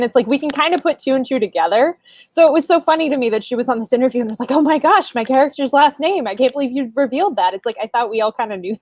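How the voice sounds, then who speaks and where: A woman co-hosting a casual chat show, agreeing readily and laughing easily. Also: on the high side. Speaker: co-host.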